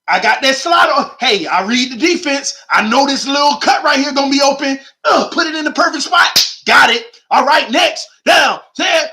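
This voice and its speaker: A man putting on the voice of a cocky star quarterback who fires off quick, clipped play calls and shouts at the line. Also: extremely high pitch, voice pushed up, heavily acted.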